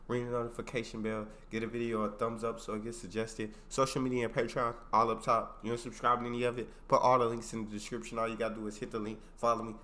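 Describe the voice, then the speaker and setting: Bright-toned hyped American reaction host. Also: male voice, mid-range voice, a little hiss or hum. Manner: hyped, slangy, addresses viewers directly. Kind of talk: casual reaction chat.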